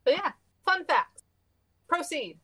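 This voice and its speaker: A woman co-hosting a casual podcast, matter-of-fact and quick to correct the others. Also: high-pitched, sing-song, bright, forceful tone. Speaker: podcast co-host. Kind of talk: casual chat.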